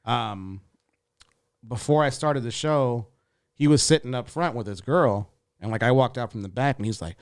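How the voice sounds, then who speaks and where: A young adult man, a comedian guest on a podcast, telling stories in a laid-back, profane way with lots of fillers, jumping up in pitch to act out quotes. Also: animated, moderate pace, clear, resonant tone, no echo, clean studio sound. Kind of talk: casual podcast storytelling.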